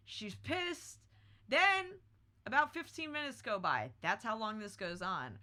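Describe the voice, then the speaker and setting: A woman hosts a casual podcast, spinning a story with brash, profane flair. Her voice sits a bit high and comes across bright and forceful. She tells it dramatically, with plenty of swearing. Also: very animated, a little slow. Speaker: podcast host.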